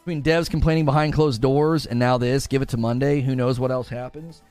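A man's voice: mid-range voice, steady tone, brisk, a little mellow, clean tone, dry recording, faint music behind. A man streaming live, grumbling in exasperation and repeating himself as he rants about gaming news.

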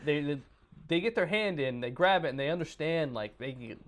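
A man's voice: fairly high pitch, animated, normal speed, a little hiss or hum. Man rambling through a cryptid story. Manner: rambling, joking, breaks off into banter mid-story. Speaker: podcast co-host. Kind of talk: casual chat reading a story aloud.

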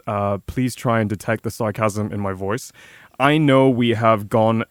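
A man's voice: lowish voice, steady tone, measured pace, no room sound, clean studio sound. A man co-hosting a casual podcast chat, talkative, with sarcastic asides and frequent restarts. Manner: chatty, sarcastic asides, repeats words when starting sentences. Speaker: podcast co-host.

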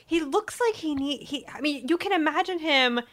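Chatty woman with a bright voice. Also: sits high, animated, normal speed. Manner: chatty, many "like" fillers, laughs easily. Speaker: podcast co-host. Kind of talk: casual film discussion.

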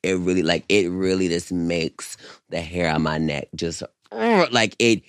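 A man's voice: deep voice, unhurried, clear, resonant tone, dry recording, clean studio sound. A man co-hosting a casual podcast, talking animatedly and swearing often as he chats with a friend. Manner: animated, swears often, calls people girl. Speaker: podcast co-host. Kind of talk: casual chat.

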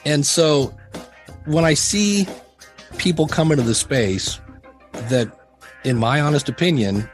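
A middle-aged man talking casually on a podcast, candid and rambling, often acting out conversations he had. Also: medium pitch. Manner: rambling, candid, self-deprecating, acts out quoted exchanges.

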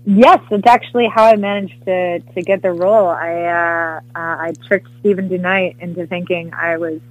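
A woman from the US Midwest, an actress telling a story as a guest in an interview, animated and laughing often, with many fillers. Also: on the low side, moderate pace, dry recording, lo-fi sound.

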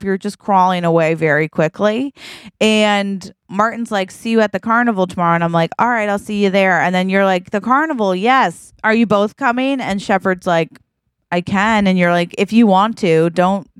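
Woman co-host, improvised comic storytelling, acts out quoted lines, smooth tone, lowish pitch, dry close sound. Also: moderate pace, dry recording. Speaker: podcast co-host.

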